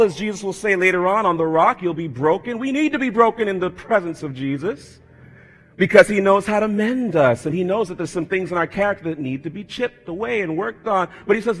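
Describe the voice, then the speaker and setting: A male pastor preaching a sermon, moving from conversational talk to fervent, loud emphasis. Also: high-pitched. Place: church sanctuary. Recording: church hall reverb.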